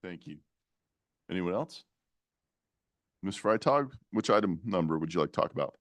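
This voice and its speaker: A man's voice: sits low, expressive, moderate pace, no room sound. A man chairing a city meeting as mayor, brief and procedural as he calls on speakers.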